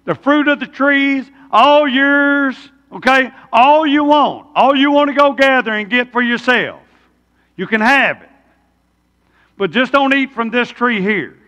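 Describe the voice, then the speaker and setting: Casual: preacher playing God, big generous dad voice, slow and emphatic, echoey church. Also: male voice, very high-pitched, pushed and bright, dull audio, full character voice. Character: generous divine father giving a command.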